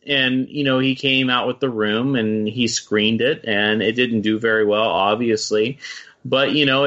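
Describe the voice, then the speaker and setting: A man's voice: mid-range voice, bright, forceful tone, lo-fi sound. A man co-hosting a film podcast, chatting casually and rambling with lots of swearing. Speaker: podcast co-host.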